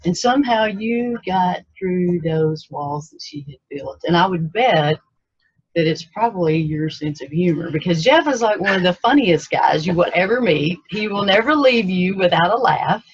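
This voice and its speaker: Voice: mid-range voice, expressive, normal speed, husky, dry recording. An interviewer chatting casually and encouragingly with a guest, laughing along. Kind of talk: casual conversation. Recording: dull lo-fi dry recording.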